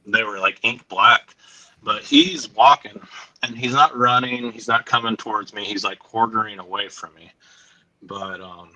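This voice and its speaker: A man telling a woodland encounter story on a podcast, halting and full of fillers, sometimes choked up and dropping quiet. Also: fairly low pitch, fairly even intonation, dry recording, low-quality recording. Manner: halting, frequent "like" fillers, drops to quiet asides.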